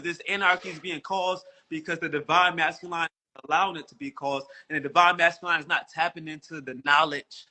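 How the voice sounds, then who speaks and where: A man with a somewhat high, very bright voice speaks in a casual chat. He rambles earnestly in long, loose sentences full of filler phrases. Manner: rambling and earnest, with many "you know" fillers.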